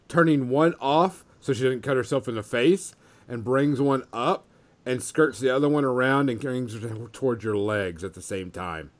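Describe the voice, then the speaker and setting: Male game master, mid-pitched, even delivery, narrates combat step by step. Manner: descriptive, slow and deliberate narration.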